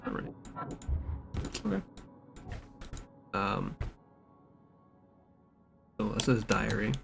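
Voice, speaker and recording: A young man streams a game from his home setup, joking and reading the game's notes aloud in rambling, casual let's-play commentary. His low, creaky voice has big pitch swings and moves extremely slowly over music, with background noise and keyboard typing audible.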